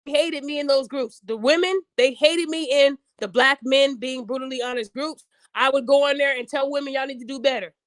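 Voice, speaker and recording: A woman's voice: high-pitched, steady tone, brisk, dry recording. A woman hosting her own podcast, talking bluntly and casually, acting out quotes in raised voices. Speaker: podcast host. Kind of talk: casual chat.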